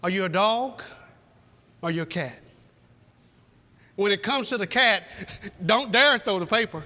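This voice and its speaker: A man's voice: high-pitched, animated, a little slow, bright, forceful tone, long reverb tail. A man preaching a sermon to a church congregation, telling a folksy, repetitive story with humor. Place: church sanctuary.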